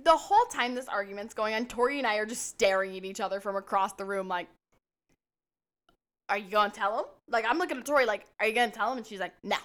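Young woman podcast co-host with a bright, sharp voice, blunt and self-mocking, swears freely. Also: medium pitch, fast. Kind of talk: casual storytelling chat.

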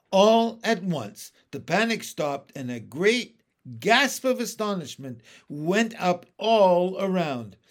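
A man reading a children's book aloud in a measured, expressive way. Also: on the high side. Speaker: reader. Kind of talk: storybook read-aloud.

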